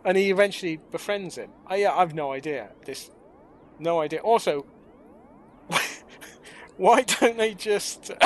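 In a casual podcast chat, a male co-host jokes and mocks, acting out small impressions along the way. He has a high voice, speaks at a measured pace, and pauses often.

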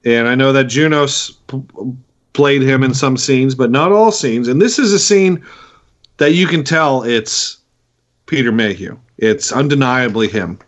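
A man co-hosting a podcast, talking in a halting, casual way with frequent restarts. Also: medium pitch. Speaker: podcast co-host.

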